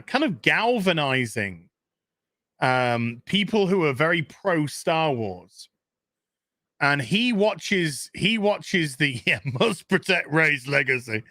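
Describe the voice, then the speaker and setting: Ranting man, bright high voice. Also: dry recording, studio quality. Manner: animated, profane, sarcastic. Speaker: show host. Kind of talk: casual ranting commentary. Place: home kitchen.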